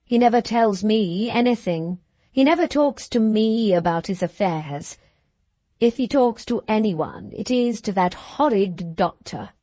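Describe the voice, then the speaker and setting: A woman's voice: medium pitch, expressive, measured pace, dark tone, no room sound, natural voice. A woman reading the part of an aggrieved, self-pitying aristocratic wife in an audiobook, with a plaintive, complaining manner.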